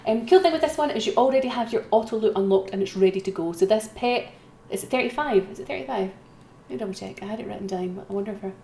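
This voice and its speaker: A woman's voice: mid-range voice, fast talker, vocal fry, hardly any pauses, warm tone, slight background noise. Chatty woman calling an auction. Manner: chatty, self-mocking, repeats calls for bids. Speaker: auction host. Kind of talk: live-streamed auction commentary. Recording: roomy echo, faint keyboard typing.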